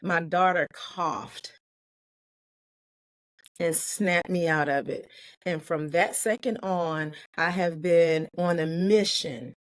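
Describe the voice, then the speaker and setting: A woman guest from Maryland telling a heartfelt personal story in an interview, emotional and close to tears, with quick earnest bursts. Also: lowish voice, steady tone, no echo. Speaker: guest, life and business coach.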